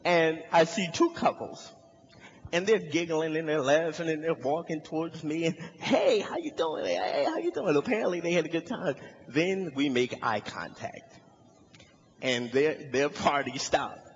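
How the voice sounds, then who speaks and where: This young man's stand-up set, delivered a little slowly to a live audience in a large hall, features a story whose characters he plays with animated, high shouting. It sounds muffled and big-roomed, with slight background noise.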